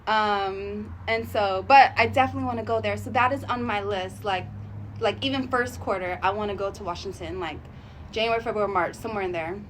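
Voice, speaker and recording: A woman vlogging in a chatty, rambling way, thinking out loud about her goals and sharing that she is emotional and sensitive. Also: medium pitch, a little fast, slight background noise. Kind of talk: casual motivational vlog talk.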